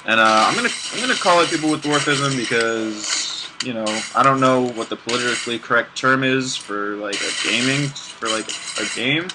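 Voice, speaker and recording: A man's voice: medium pitch, normal speed, few pauses, very noisy. A man casually commenting on a video game he plays, rambling off-topic with restarts and sarcastic asides. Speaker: let's play gamer. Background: game music.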